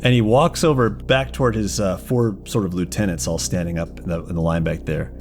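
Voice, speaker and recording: A man's voice: sits low, steady tone, fairly quick, soft background music. A man narrating a tabletop game as game master, casual and profane, laughing often.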